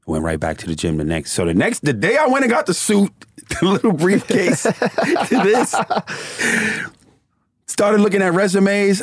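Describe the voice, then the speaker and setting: A man's voice: a little high, expressive, normal speed, no room sound, studio quality. A middle-aged man telling his story in casual, profane conversation and laughing often as he talks.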